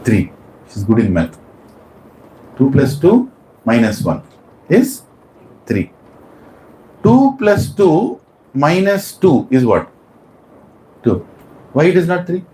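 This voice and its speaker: A man's voice: on the high side, very animated, slow, long pauses, warm tone, a little hiss or hum. A man teaching a class of devotees, quizzing them with questions and stressing his points. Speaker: spiritual teacher. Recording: echoey room.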